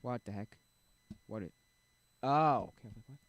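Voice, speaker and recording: A man's voice: fairly low pitch, fairly even intonation, quick pace, a little mellow, slightly rough, highs cut off. A man chatting casually on a livestream, rambling and thinking aloud as he picks songs. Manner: rambling, thinking aloud, sings along at times. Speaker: streamer.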